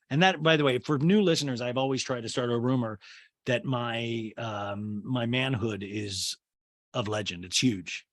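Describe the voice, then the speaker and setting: A man's voice: mid-range voice, normal speed, fairly bright tone, no echo, studio quality. A young man hosting a podcast, recapping a reality show in a chatty, self-mocking way and acting out quotes in exaggerated voices. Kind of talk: casual comedic recap.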